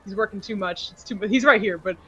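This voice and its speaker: A woman's voice: medium pitch, quick pace, a bit bright, lo-fi sound. A woman chatting bubbly as a player at a tabletop game. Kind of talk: casual chat at a tabletop game.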